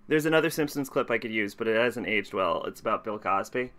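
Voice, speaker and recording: A man's voice: fairly low pitch, lively intonation, fast, pushed and bright. A man streaming a game, talking casually and rambling with frequent laughs. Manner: chatty, rambling, laughs often. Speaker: let's play streamer.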